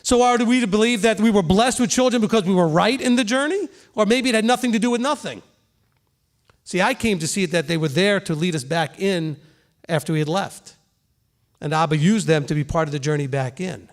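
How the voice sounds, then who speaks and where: A middle-aged male pastor with a notably high voice preaches in a plain, conversational way. He talks earnestly and keeps checking in with his listeners with a quick "okay?" as he teaches. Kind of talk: sermon.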